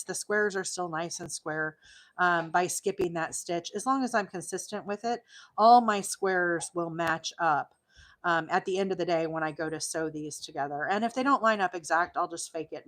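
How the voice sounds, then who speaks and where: A woman's voice: fairly low pitch, a bit bright. A woman from Alabama, hosting a live crochet demonstration, explaining stitches in a chatty way with many fillers, her voice tiring after hours on air. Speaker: crochet livestream host.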